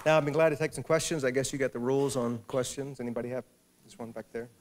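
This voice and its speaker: A man's voice: mid-range voice, steady tone, fast, darkish tone, slight background noise. A man, an author, giving a talk to a library audience and telling a funny anecdote. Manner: storytelling with humor. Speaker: author speaking at a library event. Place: public library hall.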